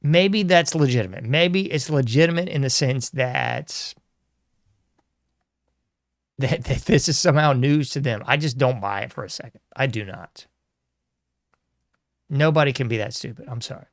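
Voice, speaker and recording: A man's voice: mid-range voice, moderate pace, pauses often, no room sound, clean studio sound. A man hosting his own show, rambling and sarcastic, laughing often as he talks. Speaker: podcast host. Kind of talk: casual solo commentary.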